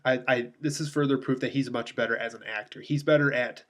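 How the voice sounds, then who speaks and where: A man's voice: medium pitch, steady tone, a little fast, fairly bright tone. Rambling casual male movie reviewer. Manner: rambling, many filler ums and restarts.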